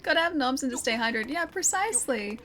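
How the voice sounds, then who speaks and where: High, animated and fast, her voice comes across pushed and bright, with a little hiss or hum and game music behind it. The young woman is streaming a video game, casually chatting with viewers, giggling between lines and reading the chat aloud.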